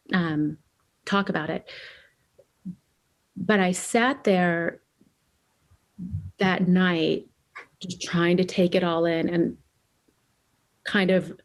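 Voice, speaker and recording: Woman telling her story with feeling. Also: on the low side. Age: 40s. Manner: animated, acting out remembered dialogue; candid and emotional, searching for words. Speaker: podcast guest, author and speaker. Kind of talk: personal storytelling in an interview.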